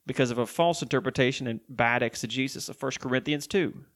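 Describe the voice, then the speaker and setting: A man preaching a sermon, reading Bible verses aloud slowly and explaining them emphatically. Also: mid-range voice.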